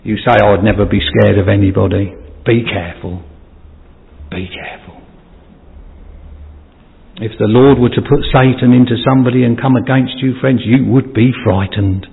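A man preaching a sermon, rising to high emphatic peaks and dropping soft, halting with restarts and pauses. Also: fairly even intonation, creaky. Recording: tinny lo-fi sermon recording in a hall.

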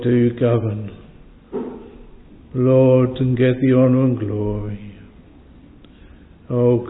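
A man leads a slow, solemn prayer in old-fashioned thee-and-thou language, pleading and pausing between phrases. His low voice stays even and flat in pitch. The sound is narrow and phone-like, carried in a long echo of a church hall. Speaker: minister leading prayer. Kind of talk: extemporaneous pastoral prayer.

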